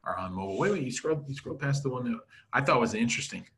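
A man co-hosting a casual business podcast, playful and joking, swinging between loud and quiet. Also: medium pitch, lively intonation, fast. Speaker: podcast co-host.

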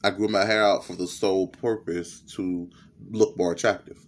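A man's voice: low-pitched, fairly even intonation, moderate pace. A young man with a lisp, hosting a candid, profane personal podcast monologue. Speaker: podcast host.

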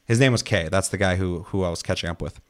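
Quick-paced and low-voiced, this man tells game stories in relaxed conversation, cursing heavily and performing the lines people said with lots of animation.

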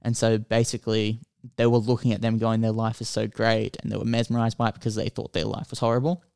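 A man co-hosts a casual podcast, walking through a film's plot in an animated, rambling way. His voice is smooth and clear, recorded close and dry with no room sound. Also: on the low side, quick pace, dry recording. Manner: rambling, animated storytelling with filler words. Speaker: podcast co-host. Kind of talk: casual film chat.

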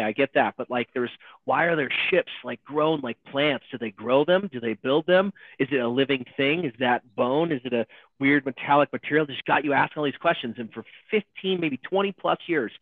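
A man co-hosting a casual chat about a TV show, firing off excited questions. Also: mid-range voice, no room sound. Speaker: podcast co-host. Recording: dry tinny phone-like line.

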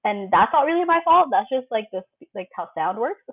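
A young adult woman co-hosting a podcast in casual chat, talking fast and tending to mumble. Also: fairly high pitch, big pitch swings, breathy edge, dry recording, narrow, tinny audio. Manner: fast talker who mumbles. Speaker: podcast co-host.

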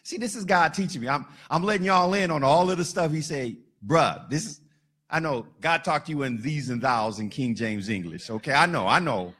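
A man preaching a sermon as pastor, animated and joking with the congregation, shouting at times for emphasis. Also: fairly high pitch, normal speed, slightly rough.

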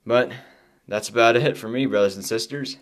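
A man hosting his own podcast, sharing a personal faith testimony in a halting, emotional way with many restarts, close to tears. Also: medium pitch. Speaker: podcast host.

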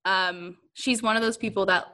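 A woman's voice: mid-range voice, fairly even intonation, moderate pace, pushed and bright. Giggly young woman, candid and rambling. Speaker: guest. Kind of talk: casual conversation.

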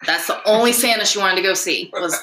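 A woman's voice: mid-range voice, quick pace, bright, forceful tone, reverberant, low-quality recording. A woman guest telling a story in a chatty, rambling, casual way, laughing now and then.

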